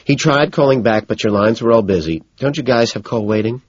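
A man voicing a bored young woman who talks flatly and sarcastically. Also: medium pitch, fairly quick, breathy edge, no room sound, highs cut off, pitched above the performer's own voice, natural voice. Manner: flat, dry and sarcastic. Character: flat, bored young woman, sharp-tongued.

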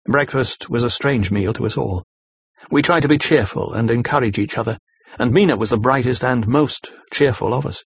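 A man narrating a classic novel aloud in a steady, grave storytelling manner, on a slightly muffled dry recording. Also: mid-range voice, normal speed, creaky, husky, no room sound. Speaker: audiobook narrator.

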